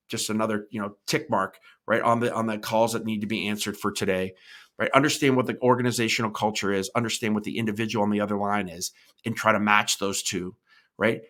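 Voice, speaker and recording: A man's voice: lowish voice, a bit bright. A middle-aged man hosting a podcast, talking through his ideas off the cuff, often restarting his words and tagging points with "right?" as he answers live comments. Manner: thinking aloud, repeats words, tags points with "right?". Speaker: podcast host.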